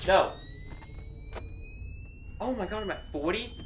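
A man's voice: high-pitched, animated, takes it slowly, reverberant, a little hiss or hum. A man playing a VR horror game as a YouTuber, jumping between nervous laughter and frightened shrieks. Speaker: gaming YouTuber.

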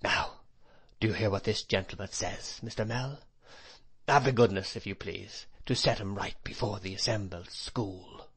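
A man reading an audiobook, voicing a stern older headmaster who talks in a hushed, slow, menacingly polite way. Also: on the low side, creaky, husky, heavily acted. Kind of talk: audiobook character voice.

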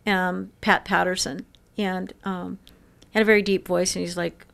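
A woman around sixty telling stories in an interview, lively and laughing often. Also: fairly low pitch, normal speed, creaky. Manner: lively storyteller who laughs often and acts out quoted voices. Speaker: interview guest. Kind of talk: casual storytelling interview.

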